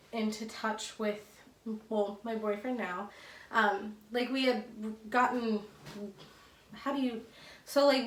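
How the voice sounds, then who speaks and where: A woman's voice: medium pitch, fairly bright tone. A young woman rambles through a casual storytime, full of fillers and restarts. Her voice sits a little back from the mic. The room around her rings with echo. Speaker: vlogger. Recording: roomy echo, a bit far from the mic.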